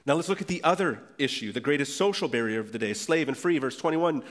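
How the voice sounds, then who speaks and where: A man preaching a sermon as pastor, earnest and emphatic, slowing down to stress key phrases. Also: mid-range voice, expressive. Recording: long reverb of a church hall.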